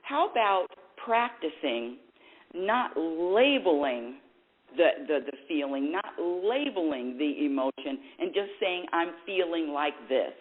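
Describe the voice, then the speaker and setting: A woman's voice: low-pitched, lively intonation, slow. A woman hosting a spiritual talk show, speaking in a rambling, self-correcting way and laughing at herself. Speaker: radio show host. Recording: tinny phone-like sound.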